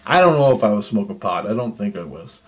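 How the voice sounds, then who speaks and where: A man telling a personal story in a casual vlog monologue, rambling, swearing constantly, and swinging between muttering and excited outbursts. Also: lowish voice, fast. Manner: restarts and repeats himself often. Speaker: vlogger recounting personal experiences.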